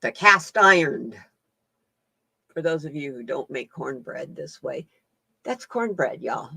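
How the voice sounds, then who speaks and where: A woman's voice: low voice, animated, slow, creaky, sharp tone, breathy edge, dry recording. A woman hosting a casual live-stream chat as a card reader, folksy and laughing often.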